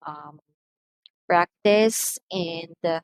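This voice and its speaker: Dry-voiced Filipino woman teaching slowly. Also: on the low side, a little mellow, clean tone, no echo, low-quality recording. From Philippines. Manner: slow, deliberate, repeats each word to drill it. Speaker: English teacher. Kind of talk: online lesson on English pronunciation.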